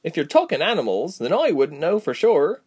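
A man's voice: fairly high pitch, very animated, normal speed, a little mellow, slightly rough, voice pushed up. A man doing an easygoing young villager. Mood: matter-of-fact. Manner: plain, shrugging speech.

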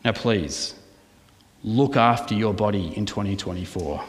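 Pastor preaching in a reverberant hall. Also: male voice, lowish voice, a little slow. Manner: animated preaching with rhetorical questions, soft at times. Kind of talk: sermon. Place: church hall. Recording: long reverb of a church hall.

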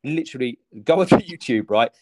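A man's voice: medium pitch, lively intonation, brisk, a little mellow. A man talking as a fitness coach guest on a podcast, upbeat and motivational, with many fillers. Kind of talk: casual podcast chat.

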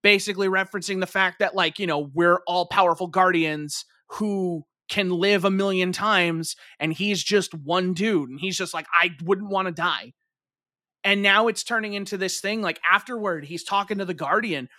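A man's voice: sits high, normal speed, few pauses, sharp tone, no room sound, studio quality. A young man co-hosting a podcast in casual chat, rambling with lots of fillers and swearing freely.

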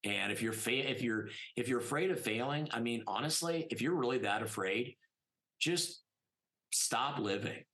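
A man's voice: mid-range voice, moderate pace, fairly bright tone, rough recording. A middle-aged man, a plastic surgeon guest on a podcast, telling stories casually and emphatically with many "I mean" fillers. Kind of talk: casual storytelling interview.

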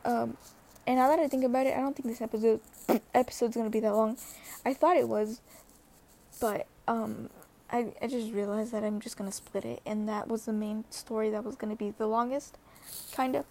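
Young woman, high pitch, casual rambling vlog storyteller. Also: steady tone, fairly quick, warm tone, a little hiss or hum. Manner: chatty, rambling, with many fillers and restarts. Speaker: vlogger.

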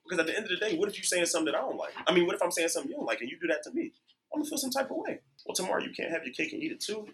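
A man hosting a live podcast talks fast in a bright, forward voice. His delivery is casual and slangy, with animated storytelling. Faint noise sits under the recording. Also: high voice, poor audio. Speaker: podcast host. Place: venue with a live audience.

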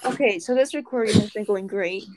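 A woman's voice: mid-range voice, a little fast, very noisy. A teenage girl co-hosting a casual podcast, rambling with lots of fillers and laughs. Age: teens. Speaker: podcast co-host. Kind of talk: casual chat.

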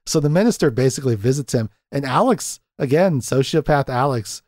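A man's voice: medium pitch, lively intonation, brisk, a little mellow, dry recording, clean studio sound. Chatty laughing male podcast host. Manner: chatty, laughs often, acts out quotes from scenes. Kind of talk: casual film-discussion chat.

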